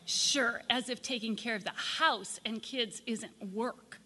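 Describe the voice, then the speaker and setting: A woman reading aloud as a weary housewife who argues with her husband, placating at first and then sharp. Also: a little high, takes it slowly, big-room sound, slight background noise. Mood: snapping. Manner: appeasing then sharp-tongued. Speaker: workshop volunteer reader. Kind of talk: reading a scripted dialogue aloud. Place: sunlit meeting room.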